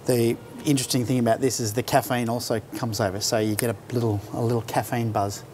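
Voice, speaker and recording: Man, brewer guest, friendly explainer, mid pitch, faint noise behind. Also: little pitch movement, quick pace, a little mellow. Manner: friendly, explanatory, repeats words. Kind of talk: casual interview chat.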